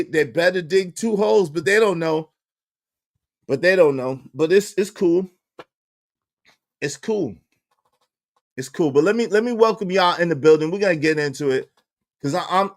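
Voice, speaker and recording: Exasperated high-voiced man ranting. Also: expressive, normal speed. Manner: exasperated, mocks critics in put-on voices; repeats phrases for emphasis, laughs between lines. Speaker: commentary channel host. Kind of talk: ranting commentary to a live chat.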